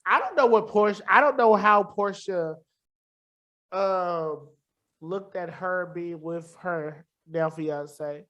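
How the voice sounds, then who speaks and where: A man's voice: sits high, slow, sharp tone. A man as a musician guest on a podcast, talking candidly and reflectively in a casual interview, often restarting his sentences.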